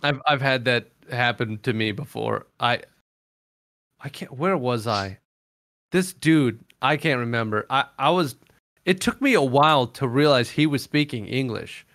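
A man from Texas joins a casual podcast conversation. He speaks in a relaxed, easygoing way, often answering with just a few words. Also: medium pitch, unhurried. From Texas, USA. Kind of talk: casual chat.

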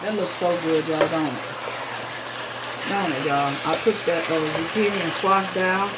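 Middle-aged woman, casual home-kitchen chatter, phone mic, steady frying noise. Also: lowish voice, normal speed. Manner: chatty, playful, frequently addresses viewers as y'all. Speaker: cooking vlogger. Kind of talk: casual cooking chat to viewers. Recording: clear sizzling and stirring in the background.

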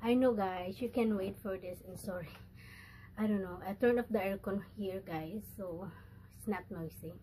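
A woman with a Filipino accent, chatting excitedly and slipping in Tagalog words while unboxing a package for her vlog in a room indoors. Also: medium pitch, normal speed, a little hiss or hum. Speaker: vlogger.

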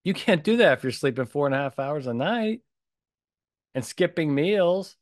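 At a normal speed, a man with a voice on the high side hosts his own solo podcast, recorded at studio quality with no echo. He speaks bluntly and with animated emphasis, repeating himself in punchy ways.

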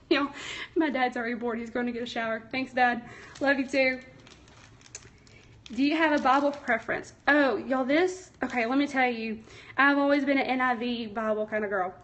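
A woman's voice: on the high side, fairly even intonation, moderate pace, a bit bright, highs cut off. A young woman, chatty and a little nervous, hosting a casual craft livestream from home and answering viewer comments. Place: home, indoors. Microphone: phone.

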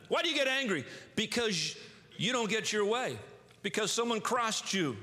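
A male preacher with a fairly high voice delivers a lively sermon, jumping into loud outbursts and stumbling into quick restarts. His voice carries a long reverb from a church sanctuary. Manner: animated, acts out angry quotes with sudden loud outbursts; frequent restarts and repeated words.

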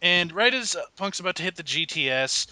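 A man with a very bright, forward voice hosts a wrestling podcast and walks through match action step by step. His remarks are dry and sarcastic, and his voice sits a little high and close to the mic. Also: animated, a little fast, clear, resonant tone, no echo. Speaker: podcast host. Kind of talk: casual wrestling recap chat.

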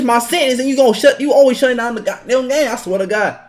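A young man giving live gameplay commentary, trash-talking his opponents with heavy profanity and sudden bursts of yelling. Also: extremely high pitch, quick pace, few pauses, noisy background. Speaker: gaming video creator.

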